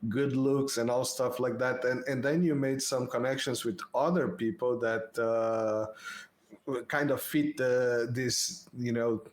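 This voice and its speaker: A man hosting a casual interview, joking and halting, often repeating words as he works toward his question. His pitch is ordinary for a man, and the sound is roomy and echoey. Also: steady tone.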